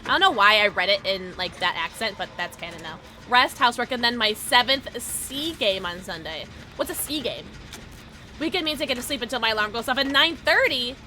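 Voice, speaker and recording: Bubbly high-voiced woman streamer. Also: a little fast. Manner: excitable, giggly, squeals and shouts at the game. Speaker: live streamer. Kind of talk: live gaming commentary, chatting with viewers.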